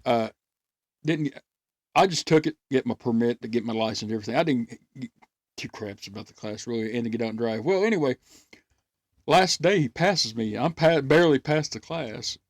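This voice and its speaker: Animated, gravelly-voiced man. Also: mid-range voice, moderate pace, dry recording, clean studio sound. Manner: animated storyteller, acts out voices, laughs often. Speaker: podcast host. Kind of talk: casual storytelling chat.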